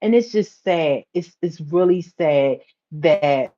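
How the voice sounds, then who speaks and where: A woman from the United States hosting a casual livestream chat, telling a story in a chatty way, repeating phrases and going high when excited. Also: slow pace, lo-fi sound. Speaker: livestream host.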